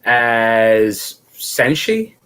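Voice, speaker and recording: Lively-pitched man in a quick casual chat. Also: clear, resonant tone, soft background music. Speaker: podcast co-host.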